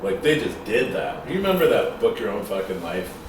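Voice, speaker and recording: A man in casual chat with a relaxed, chatty way of talking, adding side comments. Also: fairly low pitch, fairly quick, a little hiss or hum. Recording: echoey room picked up from a distance.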